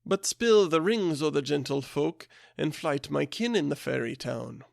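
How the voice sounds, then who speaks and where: A man's voice: a little high, expressive, a little slow, creaky, a little mellow, no room sound, studio quality, exaggerated voice. A man voicing a proud, defiant harper-knight, declaiming rhythmic verse in a put-on Scottish accent.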